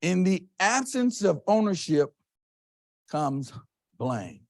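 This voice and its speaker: A man from Texas giving a motivational keynote, telling stories in an emphatic, animated way. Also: high voice, slow pace. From Texas, USA. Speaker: keynote speaker. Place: conference hall stage.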